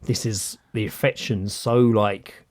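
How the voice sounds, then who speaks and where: A podcast co-host with a lowish voice speaks slowly while telling a story in casual chat. Animated, he acts out what people said and swears a great deal.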